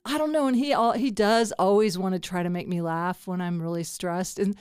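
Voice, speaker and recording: A woman's voice: medium pitch, steady tone, fairly quick, a little mellow, clean tone, no room sound, clean studio sound. A woman hosting a casual chat, talking in a rambling way with many restarts. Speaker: podcast host. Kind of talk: casual conversation.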